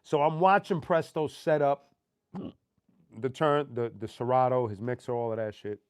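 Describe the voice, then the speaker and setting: Animated, cursing man telling a story. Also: medium pitch, normal speed, clear, resonant tone, no room sound, studio quality. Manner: profane, animated anecdote telling with slang. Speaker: host. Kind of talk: casual storytelling.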